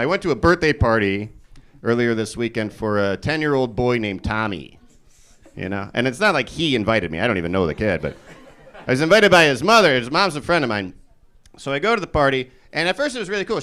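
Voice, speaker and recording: A male stand-up comedian telling a long deadpan story on a club stage, acting out the dialogue. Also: medium pitch, quick pace.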